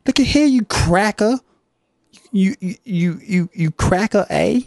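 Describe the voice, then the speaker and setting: A man's voice: high-pitched, lively intonation, measured pace, creaky, a little mellow, no echo, clean studio sound, pitched above the performer's own voice, exaggerated voice. A man voicing a brash, swaggering young male rapper who barks slang insults and tags his lines with "eh". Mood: taunting.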